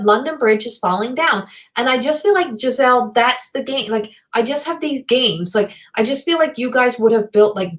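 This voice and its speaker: Excitable high-voiced woman medium. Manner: rambling, excitable, swears freely. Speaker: psychic medium. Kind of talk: live channeled reading.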